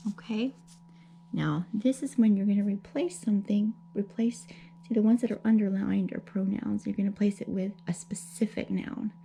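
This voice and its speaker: A woman teaching young children a grammar lesson, gentle and patient, checking often that they follow. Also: medium pitch, steady tone, creaky, a little hiss or hum. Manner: gentle, patient, explaining slowly with many checks like okay. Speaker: elementary school teacher.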